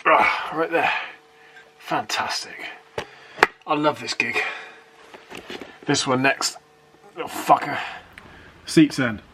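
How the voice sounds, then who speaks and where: Speaking slowly with frequent pauses in a medium-pitched voice, the British vlogger comments on fitting out his van in the workshop, both beneath and inside it. He swears freely and makes dry jokes at his own expense over a noisy, clicky recording.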